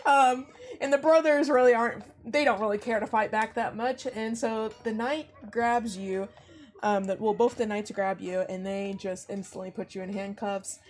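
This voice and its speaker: A woman's voice: mid-range voice, fairly even intonation, normal speed. A young woman running a tabletop game as game master, narrating in a rambling way with many fillers. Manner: rambling, with frequent fillers and laughs.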